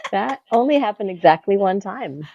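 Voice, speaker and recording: A woman's voice: mid-range voice, lively intonation, normal speed, warm tone, dry recording. A middle-aged woman, a mother and guest on a family podcast, chatting in a wry, playful way. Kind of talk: casual family chat. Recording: dull, dry sound.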